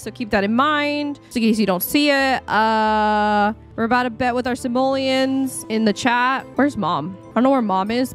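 Chatty young woman streaming a game. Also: on the high side. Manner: chatty, rambling, reacting aloud to the game. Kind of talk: casual live-stream commentary.

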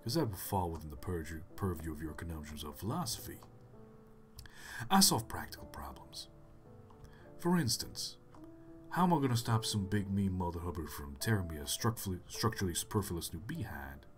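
A brash, drawling American engineer full of bravado, put on by a British man. The voice sits low and swoops widely. Faint music plays behind. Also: lively intonation, fairly quick. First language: British English speaker. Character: gruff American male engineer.

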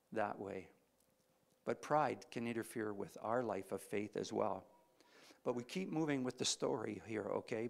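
A man preaching a sermon, retelling a scripture story with animated, swelling emphasis. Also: medium pitch, vocal fry.

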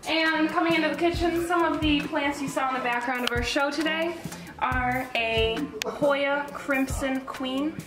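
A woman's voice: sits high, measured pace. A young woman co-hosting a casual home show, chatty and self-mocking with crude asides, touring her houseplants. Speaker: cooking show co-host giving a plant tour. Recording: roomy, from a distance, with music behind.

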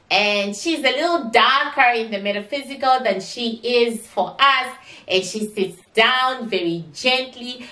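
A woman's voice: a little high, sharp tone. A woman giving a spiritual psychic reading in a chatty, repetitive, exclamatory way, recorded from a distance in an echoey room. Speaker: psychic reader.

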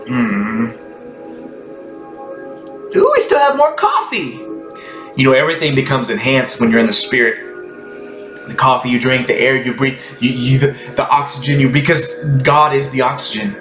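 A man's voice: mid-range voice, fairly even intonation, a little fast. Rambling, rapturous man in an echoey room. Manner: rambling, ecstatic, drifting into hushed whispers. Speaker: Christian content creator. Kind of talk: spontaneous spiritual monologue. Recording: echoey room with music behind.

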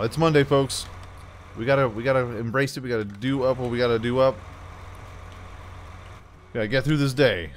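A man's voice: mid-range voice, a little fast, long pauses, slight background noise. A man casually commenting on a farming game as he plays, chatting to himself and the game with jokey asides. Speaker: gameplay commentator.

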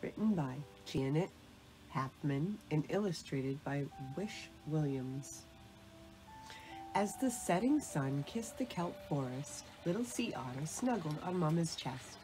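A woman reads a bedtime picture book aloud, calm and gentle. Her voice is fairly low for a woman. Faint music plays softly behind her. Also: slow, poor audio. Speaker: storybook reader. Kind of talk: bedtime story read-aloud.

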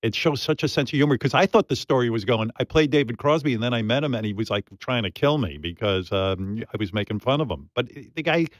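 A man's voice: mid-range voice, expressive, fast, hardly any pauses, no room sound. A man hosting a radio interview, talking emphatically at a studio microphone. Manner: emphatic, admiring commentary. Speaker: radio host. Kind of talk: interview chat.

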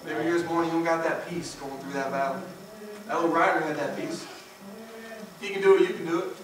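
A man preaching a sermon, emphatic, swinging between loud peaks and hushed low passages. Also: steady tone, brisk. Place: church sanctuary. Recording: echoey church from far off, noisy.

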